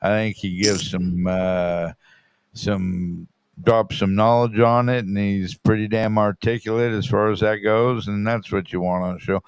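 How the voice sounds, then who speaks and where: A low-voiced man hosts a casual livestream in a laid-back, profane, joking way. His voice sounds close and dry. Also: fairly even intonation, unhurried, smooth, no room sound. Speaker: host.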